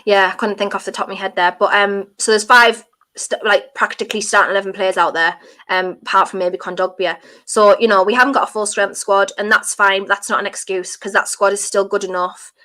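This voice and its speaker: A woman's voice: mid-range voice, little pitch movement, a little fast, sharp tone. A woman football fan giving frank, critical post-match reaction on her team's defeat.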